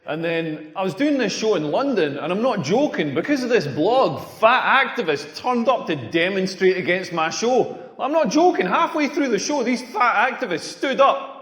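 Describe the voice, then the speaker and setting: A man's voice: sits high, very animated, normal speed, fairly bright tone. A man doing a crude, self-mocking stand-up routine on a club stage. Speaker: stand-up comedian. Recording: echoey stage with long reverb.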